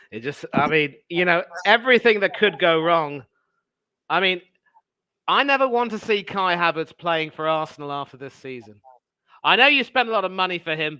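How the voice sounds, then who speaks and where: A man co-hosting a football watch-along, talking through the match with measured, grumbling analysis. His voice is smooth, bright and slightly high, recorded close and dry. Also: no echo. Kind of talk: casual live football reaction.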